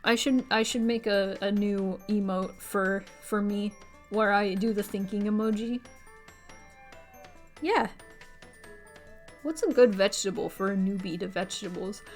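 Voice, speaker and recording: This young woman talks to her stream viewers a little slowly, pausing often as she hops from one idea to another. She uses a squeaky high voice for quotes, and faint music can be heard behind her.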